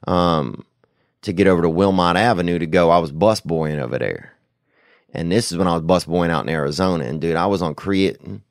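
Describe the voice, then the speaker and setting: A man's voice: deep voice, no room sound, clean studio sound. A man hosting a talk show, telling rambling comic stories full of slang and swearing. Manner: profane, animated, slangy. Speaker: podcast host answering listener questions. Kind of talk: rambling comedic storytelling.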